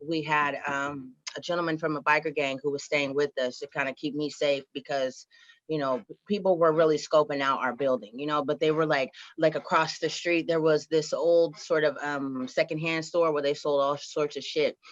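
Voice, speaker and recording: A woman's voice: sits low, steady tone, moderate pace, dry recording. A woman tells a story in a casual interview, talking in a chatty way with many fillers. She often checks with the listener as she goes. The recording is dry and muffled.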